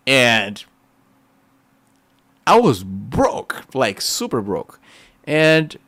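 A man with a Brazilian Portuguese accent, a native Portuguese speaker, giving a testimony sermon in an excitable, animated storytelling way. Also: fairly low pitch, dry recording. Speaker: preacher.

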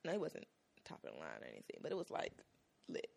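A young woman from South Miami, Florida, with a bass, creaky voice and quick pace, tells stories in casual chat. She is animated and acts out the voices of the people she quotes.

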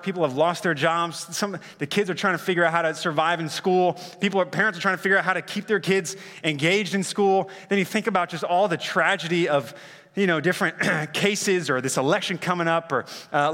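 A man's voice: on the high side, fairly bright tone. A man preaching a sermon in a casual, earnest way, with lots of fillers and slang. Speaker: pastor. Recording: reverberant hall.

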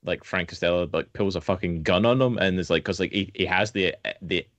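Sweary podcaster, low dry voice. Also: male voice, a little fast, a bit bright, dry recording. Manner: sweary, acts out scenes in silly voices. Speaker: podcast co-host. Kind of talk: casual film chat.

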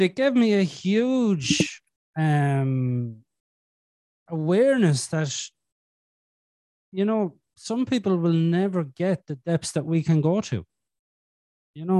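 A man's voice: a little high, mellow, no echo. A man hosting a podcast, telling stories in a blunt, casual way with plenty of swearing. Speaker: podcast host. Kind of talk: casual conversation.

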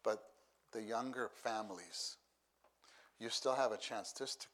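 A middle-aged man preaching a sermon, unhurried, who repeats key phrases for emphasis. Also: fairly low pitch, fairly bright tone.

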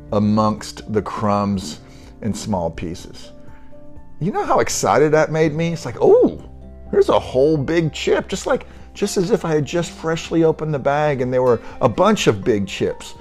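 Middle-aged male podcast host, mid-pitched, animated delivery, wry rambling complaints. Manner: rambling, wry grumbling about everyday annoyances. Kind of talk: casual solo podcast monologue.

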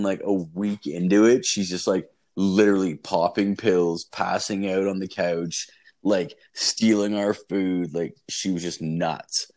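A man telling a story in casual chat, rambling and swearing, often saying "like" and "dude" and jumping into high yelps for quotes. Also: darkish tone.

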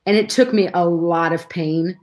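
A woman's voice: fairly low pitch, fairly even intonation, normal speed, a little mellow. A middle-aged woman, a guest in a conversation, telling a personal story with emotion and many restarts.

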